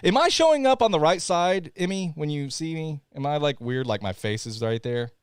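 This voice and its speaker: A podcast host with a Southern accent, his fairly high voice animated and smooth at normal speed, chats apologetically on a live stream while fixing tech, laughing often. The sound is clean studio quality without echo.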